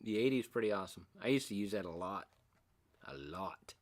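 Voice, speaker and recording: A man's voice: lowish voice, animated, brisk. Rambling middle-aged man chatting on a livestream. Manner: rambling, self-mocking, reads and answers chat comments. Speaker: livestream host. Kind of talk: casual livestream chat.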